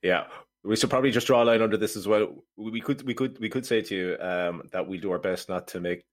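A man with a deep voice co-hosts a casual podcast and talks quickly. He jokes at his own expense and stumbles through restarts as he chats. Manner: joking, self-deprecating, many restarts. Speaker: podcast co-host. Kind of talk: casual chat.

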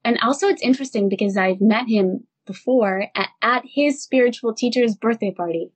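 A woman's voice: a little high, moderate pace, husky, dry recording. A woman podcast host chatting casually and affirming her guest. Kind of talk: casual chat.

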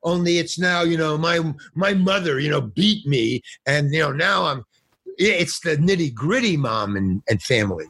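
A man's voice: on the high side, normal speed, husky, no room sound. An older man, an actor and stand-up comedian, telling stories in a casual interview and acting out the voices in them. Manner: animated storyteller acting out voices. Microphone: phone or remote call.

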